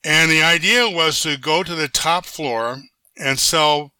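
An older man with an extremely bright, sharp-edged voice tells a long personal story to an interviewer. The sound is dry and close, with no room around it. He speaks in a lively, animated way, restarts his sentences often, and jumps into the voices of people he quotes. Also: fairly high pitch, slow pace, smooth, dry recording. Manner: animated anecdote-teller who acts out quoted voices; frequent restarts and self-corrections. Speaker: interview guest. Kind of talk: conversational storytelling.

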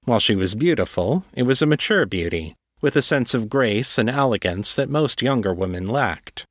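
A man narrating a fantasy story as an audiobook reading, in a measured, even storytelling manner. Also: mid-range voice, no room sound, studio quality.

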